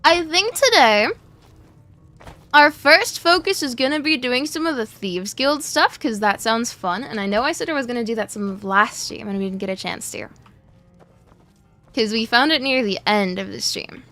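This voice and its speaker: A woman's voice: a little high, normal speed, bright, forceful tone, soft background music. A young woman streaming a game and chatting with her viewers, greeting them over and over, her speech a little muffled by a cough drop in her mouth. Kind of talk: casual live-stream chat while gaming.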